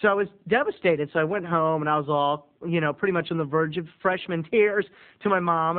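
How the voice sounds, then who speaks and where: A man telling a comic personal story to viewers in an animated way, addressing them directly. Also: a little high, fast talker. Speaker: video blogger. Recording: tinny phone-like audio.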